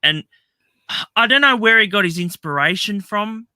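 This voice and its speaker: A man hosts a casual film chat in a bright, forceful voice pitched a little high. He rambles, laughs often and acts out the lines he quotes. The sound is dry and close. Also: lively intonation, normal speed, smooth, no room sound. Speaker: podcast host. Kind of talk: casual chat about films.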